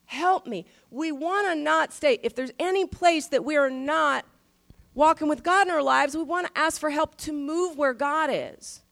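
A middle-aged woman pastor giving a sermon in a conversational style, stressing key phrases slowly. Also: sits high, gravelly, a bit bright.

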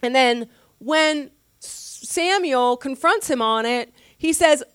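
A woman pastor teaching from the Bible in a casual, conversational way, with animated slangy asides and frequent laughs. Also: high-pitched, unhurried, no room sound, clean studio sound.

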